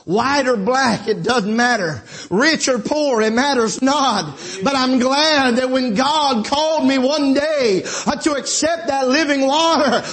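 A preacher, a middle-aged man with a very high voice, working through his points. He slides between folksy asides and fervent, shouted calls to the congregation. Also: a little slow, hardly any pauses. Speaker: pastor. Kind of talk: sermon.

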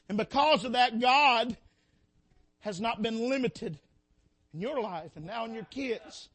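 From the pulpit of a church sanctuary, a preacher with a strikingly high, ringing voice delivers a sermon with a bright, forceful, breathy edge. His passionate delivery swells and drops as he calls out to the congregation, at a measured pace with frequent pauses.

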